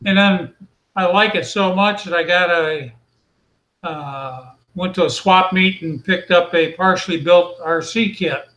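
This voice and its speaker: As a guest on a hobby hangout, a man with a high-pitched, fairly bright voice speaks unhurriedly on a casual video call. He patiently and knowledgeably covers aircraft details, designations step by step, and his model building, with a roomy echo around him.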